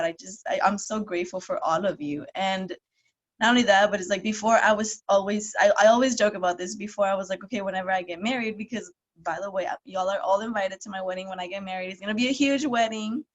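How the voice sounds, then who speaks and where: A woman's voice: medium pitch, fast, lo-fi sound. A young woman on a group call, gushing and close to tears, saying "y'all" a lot. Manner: tearful, gushing, says "y'all". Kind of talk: emotional call sharing.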